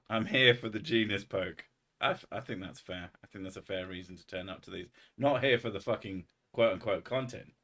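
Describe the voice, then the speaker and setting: A man with a lowish voice talks to his live-stream audience in a loose, rambling way. He swears freely and pokes fun at himself as he drifts from one thought to the next. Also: a bit bright. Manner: rambling, sweary and self-mocking. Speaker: streamer hosting a live chat. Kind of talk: casual live-stream chat.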